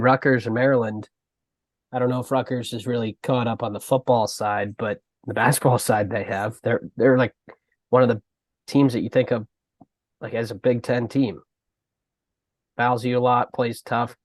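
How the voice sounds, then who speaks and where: A man's voice: medium pitch, dry recording. A man co-hosting a sports podcast, speaking casually and a bit hesitantly, with many "like" and "um" fillers. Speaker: podcast co-host.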